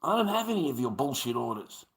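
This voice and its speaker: A man's voice: mid-range voice, very animated, quick pace. A man on a live stream, ranting in a sweary, emphatic, repetitive way and calling listeners mate.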